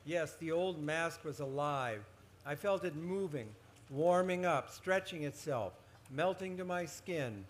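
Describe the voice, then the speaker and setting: Male author, dramatic read-aloud, spooky kids' story, slightly high voice, suspenseful. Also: unhurried. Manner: expressive, building suspense. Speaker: children's author. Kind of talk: dramatic reading aloud of his own horror story. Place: book festival stage.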